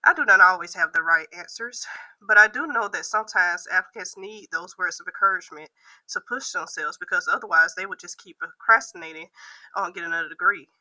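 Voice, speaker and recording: A woman who works as a university admissions processor, giving a prepared class video reflection with a hoarse voice. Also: lowish voice, brisk, bright, forceful tone, low-quality recording. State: hoarse from losing her voice.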